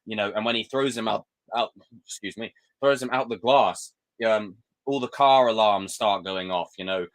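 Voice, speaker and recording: A young man chatting on a live stream, ranting and swearing in an excitable way. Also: fairly low pitch, normal speed. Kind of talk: casual live-stream chat.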